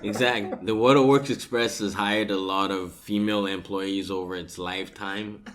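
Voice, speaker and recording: Laid-back low-voiced man, casual chat. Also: steady tone, normal speed, a bit bright, a little hiss or hum. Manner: laid-back, swears freely, laughs often. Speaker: podcast host.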